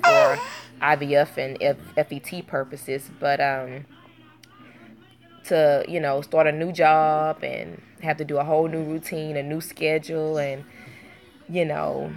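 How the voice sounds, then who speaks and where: A woman's voice: deep voice, animated, measured pace. A young woman, a mother, chatting casually to camera in an earnest, emotional way, rambling with many fillers and restarts. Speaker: vlogger and mother.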